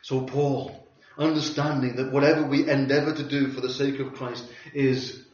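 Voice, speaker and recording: A man preaching a sermon, telling a story with wry humor and lively delivery. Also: mid-range voice, moderate pace. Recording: roomy hall from a distance, dull sound.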